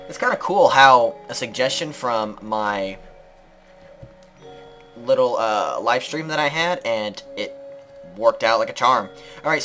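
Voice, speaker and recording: Chatty young man playing a game. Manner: chatty and playful, bursts into squeaky shouts at the game. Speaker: gaming channel host. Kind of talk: casual let's-play commentary.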